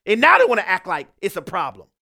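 A man's voice: high voice, wildly swooping pitch, quick pace, bright, forceful tone. A man giving an impassioned political monologue, emphatic and fired up, repeating his points. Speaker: political commentator.

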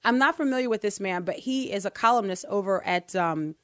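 Animated, giggly woman podcast host. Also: mid-range voice, brisk, dry recording, studio quality. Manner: animated, giggly, reads aloud. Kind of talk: casual chat about faith.

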